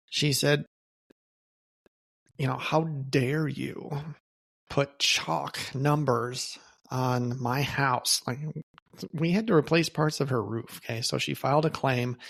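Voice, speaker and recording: A man's voice: fairly high pitch, creaky. A man hosting his own podcast, telling a story alone in a loose, conversational way and often checking in with "okay?". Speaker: podcast host. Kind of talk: casual solo storytelling.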